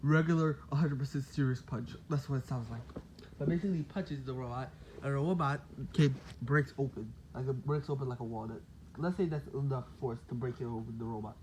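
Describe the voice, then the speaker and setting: A man's voice: medium pitch, a little fast, a little mellow, slight background noise. A man casually telling a made-up fan story, rambling with lots of "like" and "basically".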